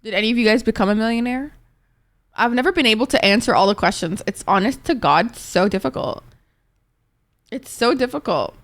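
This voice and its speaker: Chill woman streamer just rambling to chat, kinda high voice, says like a lot and swears. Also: expressive, a little fast, a bit bright. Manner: rambling and laid-back, heavy on "like", swears freely; reads out and answers chat messages. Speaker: Twitch streamer. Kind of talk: casual chat with stream viewers.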